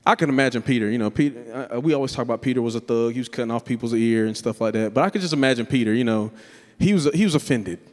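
A man preaching a sermon to a congregation, lively and playful, breaking into high voices to act out the people in his stories. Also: racing, few pauses. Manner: animated preaching, jumps up in pitch for playful impressions of others. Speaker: pastor. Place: church sanctuary. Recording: church hall reverb.

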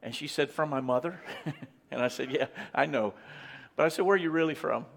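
High-voiced man preaching in a reverberant hall. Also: a little fast, creaky. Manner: emphatic, repeats phrases, builds to high exclamations. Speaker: missionary preacher. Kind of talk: sermon. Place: church sanctuary.

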